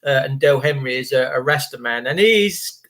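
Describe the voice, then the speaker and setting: A man's voice: mid-range voice, animated, normal speed, a bit bright. A man telling a rambling story in a chatty, emphatic, repetitive way. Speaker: vlogger.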